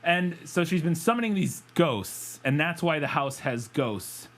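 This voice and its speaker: A man's voice: on the high side, animated, a little slow, a bit bright. A man co-hosting a podcast, chatting loosely about a bad movie, rambling, laughing and swearing freely. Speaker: podcast co-host. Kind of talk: casual chat reviewing a film.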